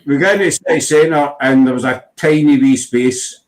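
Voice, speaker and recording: A man's voice: fairly high pitch, normal speed, low-quality recording. A man chatting casually as host, rambling through stories and saying "you know" a lot. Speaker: podcast host. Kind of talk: casual chat.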